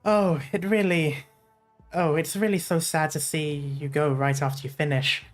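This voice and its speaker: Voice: medium pitch, steady tone, normal speed, soft background music, natural voice. A streamer putting on a teasing senior officer.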